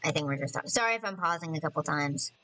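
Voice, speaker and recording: Lively, bright-voiced woman gaming host. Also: low-pitched, racing, rough recording. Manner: chatty, excitable, apologetic, thinks aloud while playing. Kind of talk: casual let's-play commentary.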